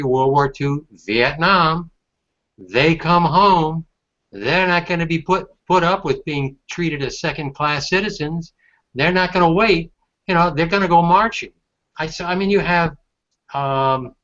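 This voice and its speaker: A man's voice: a little high, fairly bright tone, highs cut off. A man in a casual group video chat who talks through his point earnestly and at length. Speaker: hangout panelist. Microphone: computer mic on a video call.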